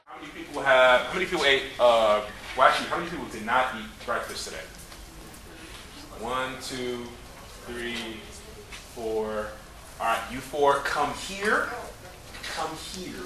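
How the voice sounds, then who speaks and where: A man speaks to children at a community center fitness camp about nutrition, coaching them energetically and supplying answers to his own questions. His mid-range voice is animated but unhurried, with frequent pauses. It sounds reverberant and distant from the mic, with background noise.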